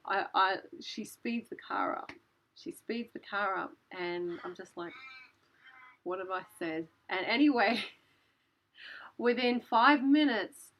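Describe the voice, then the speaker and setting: A woman, telling a story in a casual way, animated and breathless, full of "like" and the odd swear word. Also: medium pitch, low-quality recording. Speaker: channel host.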